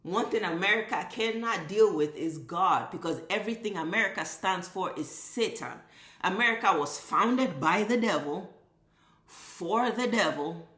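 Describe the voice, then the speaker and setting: A woman's voice: mid-range voice, a bit bright, roomy sound. A woman vlogger delivering an impassioned, profane commentary rant, driving her points home with emphatic repetition.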